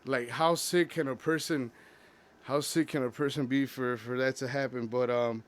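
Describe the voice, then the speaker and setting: A young man talking about his past in a personal confessional vlog, halting and full of restarts. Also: medium pitch, steady tone. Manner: halting, many restarts and fillers. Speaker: vlogger.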